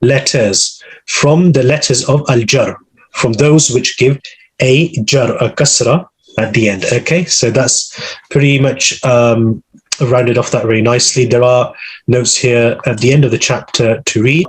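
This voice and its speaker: A man's voice: mid-range voice, a little slow, breathy edge. A man teaching an online Arabic class on a video call, patiently going through vocabulary with translations.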